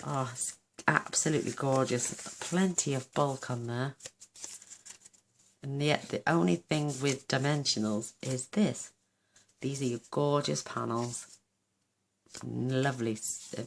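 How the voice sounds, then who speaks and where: A woman's voice: a bass voice, a little hiss or hum. A woman hosting a card-making tutorial, chatting casually and gushing over her work as she thinks aloud. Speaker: craft channel host.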